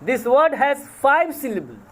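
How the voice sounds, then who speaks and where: Indian English college lecturer, high voice, very slow and deliberate, spells out and repeats words, self-correcting. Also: male voice, big pitch swings, a bit bright. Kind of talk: recorded lecture.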